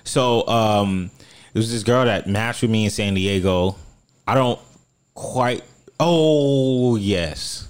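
A man's voice: lowish voice, slow pace, clean tone. A man from South Florida telling dating stories in casual chat, acting out the quotes in shifting voices.

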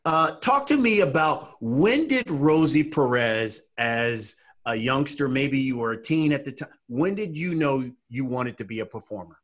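A man interviewing a guest, asking questions in a soft-spoken, affirming way. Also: medium pitch, animated, unhurried, hardly any pauses.

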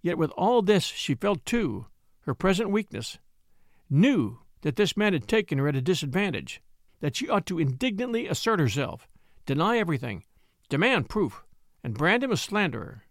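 Male narrator for an old-west story, high voice with lively lilt, dry close recording. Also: moderate pace, no room sound. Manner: expressive storytelling. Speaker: audiobook narrator.

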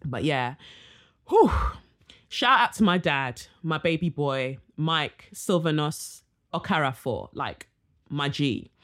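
A young woman from Nigeria hosting a casual solo podcast, chatty and warm, full of slang and fillers. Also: low voice. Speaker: podcast host.

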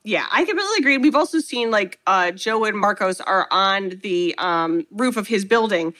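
A woman co-hosting a casual chat, recapping a film with animated storytelling and acted-out quotes. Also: mid-range voice, moderate pace. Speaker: podcast co-host recapping a film.

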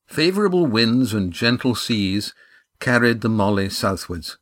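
A man reading a novel aloud, with steady, even storybook narration. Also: on the low side, a little slow. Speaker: audiobook narrator.

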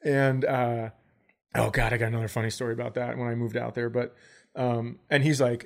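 A man's voice: medium pitch, steady tone, brisk. A man in his forties telling a comic story on a podcast, acting out both sides of the conversations as he goes. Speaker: podcast co-host, comedian. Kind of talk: casual storytelling chat.

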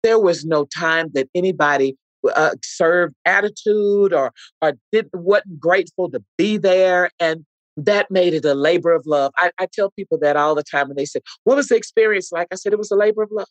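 A woman's voice: lowish voice, moderate pace, no echo, low-quality recording. A middle-aged woman telling heartfelt stories as a guest in a podcast interview, acting out what people said. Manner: heartfelt, earnest storytelling with acted-out quotes. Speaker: actress guest.

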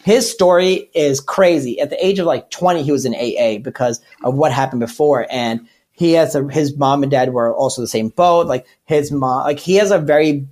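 A man's voice: on the high side, moderate pace, a little mellow. A man who works as a comedian, talking as a podcast guest in a rambling, candid way and correcting himself as he goes. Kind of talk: casual podcast chat.

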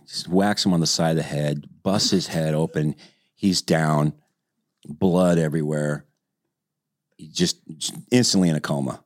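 A man's voice: deep voice, fairly even intonation, normal speed, a little mellow, no echo, studio quality. A man telling a long joke in casual conversation, rambling a little and acting out the characters. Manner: rambling storytelling with restarts and acted-out voices. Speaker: joke teller in casual group chat. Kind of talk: casual chat, telling jokes.

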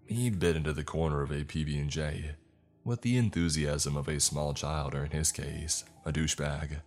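A man's voice: a bass voice, fairly even intonation, normal speed, soft background music. A man narrating a first-person story with a dry, wry delivery. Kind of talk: scripted horror story narration.

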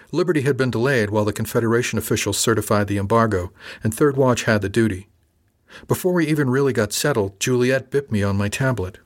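Measured man narrating a novel. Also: medium pitch. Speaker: audiobook narrator. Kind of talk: first-person novel narration.

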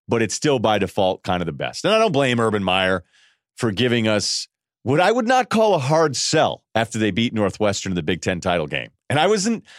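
Sarcastic sports podcast host, dry sound. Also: male voice, mid-range voice, dry recording. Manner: animated, sarcastic, mimics people in voices. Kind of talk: solo sports commentary monologue.

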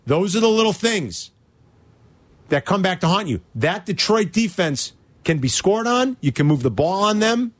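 Animated high-voiced man ranting about football. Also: moderate pace. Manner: animated, exasperated ranting with rhetorical questions. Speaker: sports radio host. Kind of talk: casual sports talk.

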